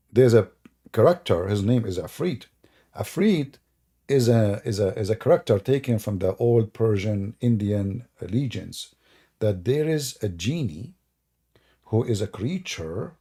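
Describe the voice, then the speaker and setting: Mocking man with a gravelly voice. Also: fairly low pitch, warm tone. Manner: sarcastic, mocking, rhetorical questions, chuckles. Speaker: online religious debate host. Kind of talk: mocking livestream commentary.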